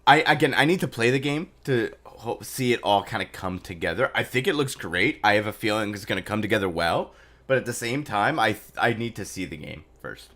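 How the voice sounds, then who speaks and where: Casual male streamer, rambling and animated. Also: fairly low pitch, a little fast. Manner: loose and chatty, many fillers. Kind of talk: casual live stream chat.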